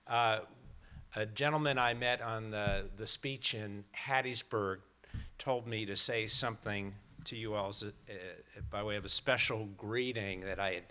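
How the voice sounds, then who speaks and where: A man's voice: fairly low pitch, a little slow, pushed and bright. A man in his sixties gives a prepared talk to a live audience, telling stories in a wry way with small hesitations. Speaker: guest speaker. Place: lecture hall before a live audience.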